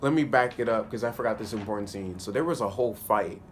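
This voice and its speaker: A man giving a casual spoken review of a TV episode, animated and slangy, often laughing. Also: lowish voice, fast, a little hiss or hum. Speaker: TV show reviewer.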